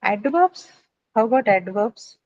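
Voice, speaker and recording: A woman's voice: a little high, animated, a little slow, darkish tone, lo-fi sound. A woman teaching an English class on word stress in a classroom, checking in with students and often adding "right?" and "uh".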